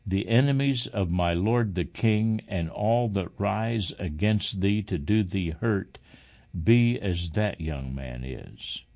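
A man's voice: sits low, lively intonation, takes it slowly, gravelly, a little mellow, dull audio, heavily acted. A man reading the part of a formal messenger delivering grim news. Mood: solemn.

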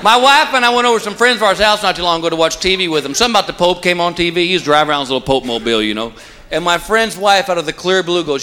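A man doing a stand-up routine, telling stories and slowing down for punchlines. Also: high-pitched, a little hiss or hum. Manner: drawling storyteller, punchlines delivered slow. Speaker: stand-up comedian. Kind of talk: stand-up routine before a live crowd. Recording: live club recording with loud crowd.

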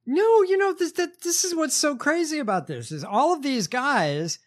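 A man hosting a podcast in casual chat, telling stories haltingly with many fillers and a sardonic edge. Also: very high-pitched, lively intonation. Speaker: podcast host.

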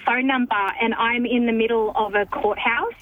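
A woman's voice: a little high, moderate pace, a little hiss or hum, poor audio. A woman calling in to a radio show and telling an anecdote animatedly over the phone. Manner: animated, laughs while telling. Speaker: caller. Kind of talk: storytelling on a call-in show. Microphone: phone call.

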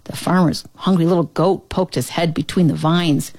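A woman reading a children's picture book aloud, with expressive storytelling. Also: lowish voice, normal speed, dry recording. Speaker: storybook reader.

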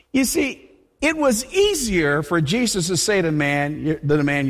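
Male pastor, high voice, animated and chatty sermon, long reverb of a big hall. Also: normal speed. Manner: animated, conversational, repeats words.

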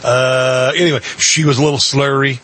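A man's voice: mid-range voice, fairly even intonation, normal speed, a bit bright. A man hosting a radio commentary show, mocking and sarcastic, with lots of filler sounds.

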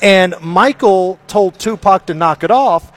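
A man hosting a morning radio show, telling stories in a chatty, animated way. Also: high voice, measured pace. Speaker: radio host. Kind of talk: casual morning radio banter.

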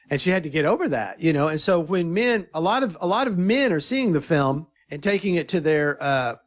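A man being interviewed about his film, telling stories in a casual, eager way and often quoting what others said. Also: a little high. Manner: animated, eager storyteller who quotes others. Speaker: filmmaker guest.

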